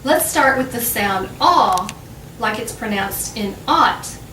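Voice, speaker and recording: A woman with an American accent teaching English pronunciation as host, patiently and clearly, lifting her voice on key words. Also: on the high side, a little slow, pushed and bright, echoey room, distant mic, a little hiss or hum, rough recording. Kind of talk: slow, clear teaching narration.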